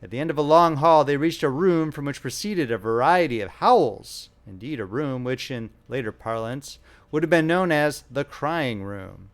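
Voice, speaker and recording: A man's voice: mid-range voice, expressive, normal speed. A man narrating a classic short story as an audiobook, telling it expressively.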